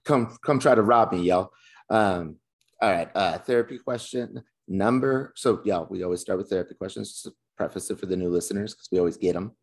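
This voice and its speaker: A man's voice: deep voice, fairly quick. A man co-hosting a podcast, chatting casually, swearing and laughing as he tells stories. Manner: loose, swearing, laughing storyteller. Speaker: podcast co-host. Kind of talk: casual chat.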